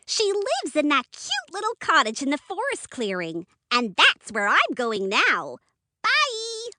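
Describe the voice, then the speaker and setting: A bubbly little red riding hood puppet, sing-songy, slow and squeaky high. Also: huge pitch swings, sharp tone, a little hiss or hum, full character voice. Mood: cheerful. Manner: sweet, bubbly, sing-song. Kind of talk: puppet show acting.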